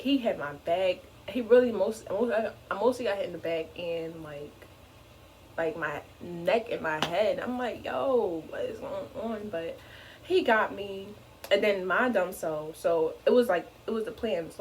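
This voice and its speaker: Lively young woman telling a storytime. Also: medium pitch, a little hiss or hum, poor audio. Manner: animated, fills speech with "like". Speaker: vlogger. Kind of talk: casual storytime.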